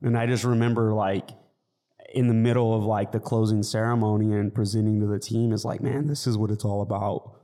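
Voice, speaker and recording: A man, a fitness coach, chats on a podcast in an earnest, rambling way full of restarts. His voice sits low and stays fairly flat. The tone is mellow and soft-edged. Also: fairly quick. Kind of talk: casual podcast chat.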